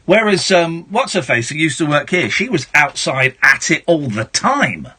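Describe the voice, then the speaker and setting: A middle-aged man hosting a late-night phone-in radio show, switching from shouty mock outrage to soft reflection. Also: on the high side, sing-song, normal speed, slightly rough. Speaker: radio talk show host.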